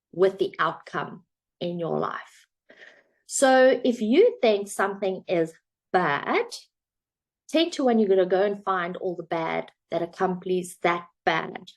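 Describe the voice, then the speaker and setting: Lady coach telling a story w/ a life lesson, conversational, mid pitch, a few ums. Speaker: self-help coach. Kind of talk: motivational talk with a parable.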